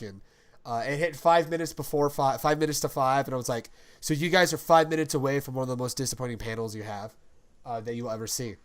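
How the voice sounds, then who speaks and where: A man co-hosting a casual podcast, loose and rambling as he recounts events. He laughs often and drops crude jokes along the way. His pitch sits in an ordinary middle range. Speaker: podcast co-host.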